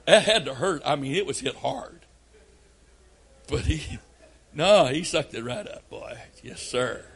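An older man preaching a sermon, telling folksy family stories and breaking into loud outbursts. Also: a little high, lively intonation, a little slow, gravelly, husky. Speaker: pastor.

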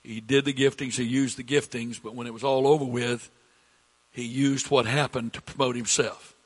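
A middle-aged man preaching a sermon as pastor, slow and repetitive, rising in pitch when he presses a point. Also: little pitch movement, breathy edge. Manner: slow, repetitive preaching, rising with emphasis, coughs between lines.

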